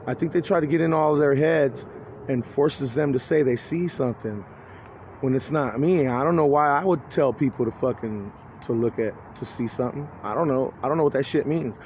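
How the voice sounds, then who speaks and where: A man in his forties talking to camera in a rambling, agitated, profane video monologue, halting and restarting often. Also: mid-range voice, a little mellow, slight background noise. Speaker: vlogger.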